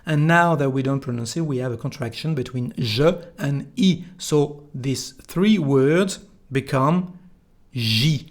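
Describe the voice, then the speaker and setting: A man's voice: medium pitch, unhurried. A man with a French accent teaching a French lesson in English, explaining each word with care and modeling phrases for the listener to repeat. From France. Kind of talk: online language lesson.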